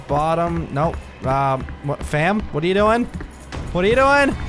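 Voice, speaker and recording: Young male horror gamer, high wildly swinging voice, skittish and loud, game music underneath. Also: big pitch swings. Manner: jumpy, panicky yelps and rapid repeated protests. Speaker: let's play gamer.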